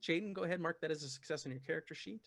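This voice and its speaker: A man narrating as game master of a tabletop horror game, animated and prone to stumbling restarts. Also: on the high side, racing, vocal fry, no room sound.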